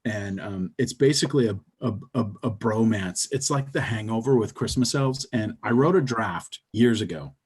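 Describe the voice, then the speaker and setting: A man talking as a podcast guest about his comics, in rambling, animated storytelling with many fillers. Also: on the low side, normal speed, few pauses, husky. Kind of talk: casual chat.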